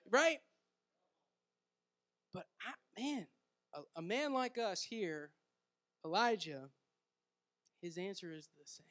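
A high-pitched man preaches to his congregation as their pastor. He swings between booming scripture reading and quiet, intimate asides, and keeps checking in with casual "right?" and "man." It sounds like a dynamic, conversational sermon.

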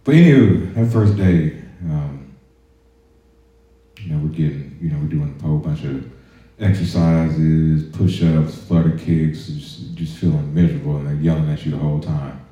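A man's voice: a bass voice, fairly even intonation, normal speed. A man and army veteran hosting a podcast, telling stories casually in a profane, laid-back way, in an echoey room on a muffled recording. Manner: profane, laid-back, drifts into quiet asides. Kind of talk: casual storytelling.

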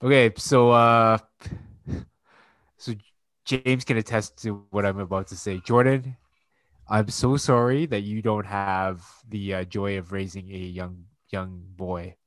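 A man's voice: on the low side, steady tone, measured pace, a bit bright, dry recording. A man in his thirties, a podcast co-host and father, telling loose, profane stories full of fillers. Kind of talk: casual chat.

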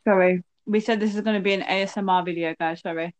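A woman's voice: medium pitch, fairly even intonation, fast, dry recording, low-quality recording. A woman in her twenties co-hosting a casual podcast, chatty and giggly, talking while she snacks. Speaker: podcast co-host. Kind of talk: casual chat. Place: home, lives in South London.

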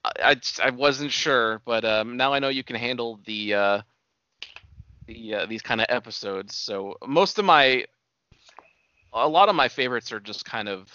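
Man, laid-back fan explaining lore, bright edge, dry close sound, slightly dull audio. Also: mid-range voice, moderate pace, dry recording. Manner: knowledgeable fan, explains lore with hedging asides. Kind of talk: casual chat about a TV series.

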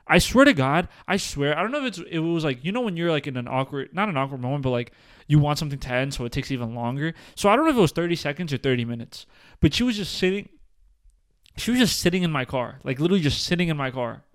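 A young man with a smooth, clear voice, chatting on a podcast. He talks frankly and swears a lot, and he sounds exasperated as he tells his stories. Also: fairly high pitch, animated, fast. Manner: frank, profane, exasperated storytelling. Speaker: podcast co-host. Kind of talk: casual chat, storytelling.

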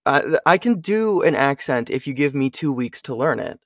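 A man's voice: medium pitch, animated, moderate pace, fairly bright tone, no echo. Chatty young man with a dry sound. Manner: chatty, asks "you know what I mean?" a lot. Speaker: voice actor and audiobook narrator. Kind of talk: casual interview chat.

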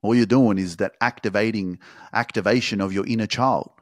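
Low-voiced, intense motivational podcast man. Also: steady tone, no room sound, studio quality. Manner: intense, profane, emphatic, drawn-out phrasing. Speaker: podcast host. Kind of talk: motivational monologue.

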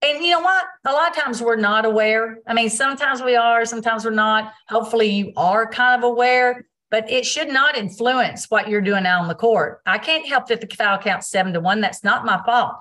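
A woman's voice: fairly high pitch, moderate pace, hardly any pauses. A woman, a basketball official, answering interview questions on a video call and acting out what she says on court. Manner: animated storytelling, acts out quotes.

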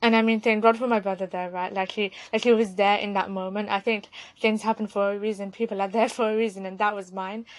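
A woman's voice: mid-range voice, flat delivery, quick pace, dry recording. A young woman, hosting a podcast and candidly telling a personal story in a conversational way. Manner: candid, conversational, with fillers and restarts. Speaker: podcast host.

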